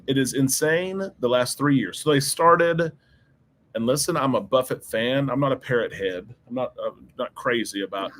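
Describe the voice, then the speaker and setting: A man in casual live-stream chat about cruises, talking with eager energy and often stopping to restart a thought. His voice sits at an ordinary middle pitch. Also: normal speed, a bit bright. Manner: chatty, enthusiastic, restarts often. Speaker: co-host and cruise travel agent.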